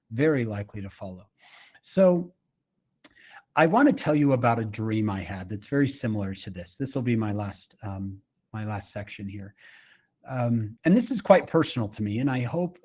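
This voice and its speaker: A man's voice: mid-range voice, slightly rough. A middle-aged man from Utah giving a personal storytelling talk at a summit, earnest and conversational, with fillers and asides to the audience. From Utah, USA. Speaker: summit speaker. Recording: tinny phone-like line.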